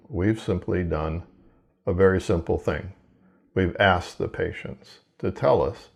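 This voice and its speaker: A man who researches hearing, giving a measured, explanatory scripted lecture. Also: deep voice, vocal fry, darkish tone.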